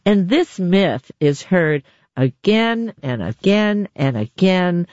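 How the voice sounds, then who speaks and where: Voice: mid-range voice, very animated, slow, darkish tone, dry recording. An interview host asking questions in a chatty way and laughing often. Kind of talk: interview conversation. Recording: slightly dull, dry sound.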